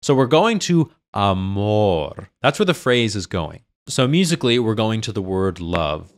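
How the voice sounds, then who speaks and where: A man's voice: medium pitch, big pitch swings. A man in his thirties, a singer, explaining a choral piece in casual commentary and sometimes singing short phrases to show a point. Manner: enthusiastic, explains slowly and sings short phrases to demonstrate. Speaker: singer reacting to a choral performance.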